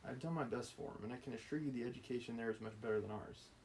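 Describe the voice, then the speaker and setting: A man reading the part of a crafty middle-aged courtier, ingratiating and smooth-talking. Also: medium pitch, quick pace, darkish tone, a little hiss or hum, close to an everyday voice, poor audio.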